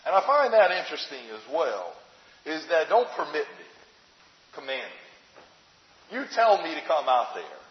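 Man, sermon, fairly high voice, conversational preacher, long hall reverb, dull lo-fi sound. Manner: conversational, rhetorical questions, animated retelling.

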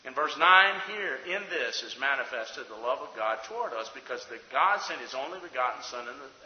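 A man preaching a sermon to his congregation, his delivery swinging between loud emphatic peaks and hushed low passages. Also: expressive, moderate pace. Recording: echoey hall, dull sound.

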